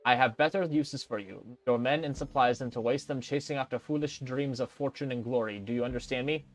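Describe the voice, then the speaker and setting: A man's voice: mid-range voice, a little fast, natural voice. A man voicing a pompous colonial governor. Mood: imperious. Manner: pompous, commanding, scolding. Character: haughty, condescending male colonial governor.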